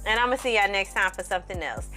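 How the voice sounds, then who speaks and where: A woman's voice: medium pitch, animated, fast, sharp tone, faint music behind. A woman giving a candid, blunt review to camera in a casual, rambling way, a little tipsy, with laughs. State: slightly tipsy. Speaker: film reviewer.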